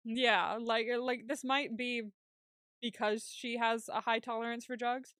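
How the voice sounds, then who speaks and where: A woman's voice: fairly high pitch, fairly even intonation, measured pace, a bit bright, dry recording. Chatty woman podcast host, dry sound. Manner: chatty, laughs often, casual swearing. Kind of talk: casual TV recap chat.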